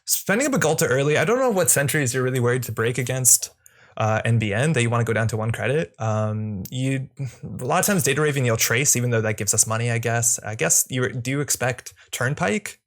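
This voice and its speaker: Casting: young male host, relaxed thinking-aloud game commentary, mid pitch, desk mic at home. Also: fairly quick. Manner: casual, musing, self-correcting. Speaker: channel host and card game player.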